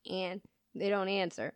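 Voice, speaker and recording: Woman, podcast co-host, casual storytelling, laughs a lot, swears, slow, dry sound. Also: mid-range voice, clear, resonant tone, dry recording. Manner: laughing often, animated quoting of people.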